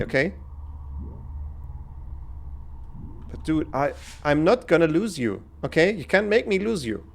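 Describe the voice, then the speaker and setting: A man voicing a young male fox in a video game, an excitable, loyal best friend, reading the lines aloud in an earnest, pleading way. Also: a little high, creaky, voice pushed up.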